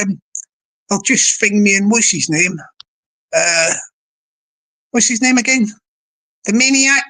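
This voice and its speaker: A woman's voice: fairly high pitch, sharp tone. Playful, rambling woman. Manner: playful, rambling, talks to the chat. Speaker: livestream host. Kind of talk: rambling livestream chat.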